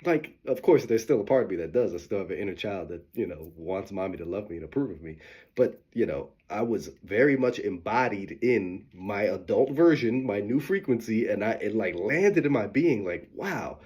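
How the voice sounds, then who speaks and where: A man's voice: fairly low pitch, lively intonation, moderate pace, darkish tone, slightly rough, muffled recording. A man hosting a motivational talk, speaking candidly and emphatically, swearing freely and often laughing. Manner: acts out quoted voices of himself and his mom. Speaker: host. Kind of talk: motivational monologue.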